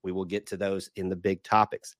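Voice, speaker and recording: A man, hoarse from a cold, hosting a casual sports podcast in a chatty, rambling way. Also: low voice, little pitch movement, brisk, no echo, studio quality. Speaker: podcast host.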